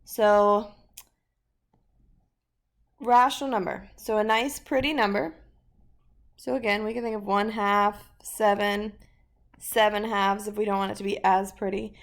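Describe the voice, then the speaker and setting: A woman's voice: medium pitch, steady tone, a little slow, pauses often. A woman teaching a math lesson in a casual way, thinking aloud through examples in an upbeat, chatty manner.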